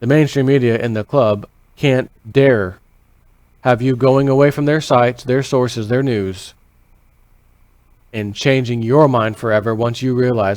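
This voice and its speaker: A man's voice: mid-range voice, fairly even intonation, measured pace, darkish tone, no room sound. A man from the United States talking in a casual, rambling monologue. He repeats himself, swears casually and acts out inner voices as quoted thoughts. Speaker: vlogger.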